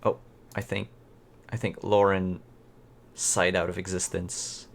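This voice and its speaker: A man narrating as game master of an online tabletop game, relaxed with fillers and restarts. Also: sits low, slow pace, creaky. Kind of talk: narrating a tabletop game over a video call.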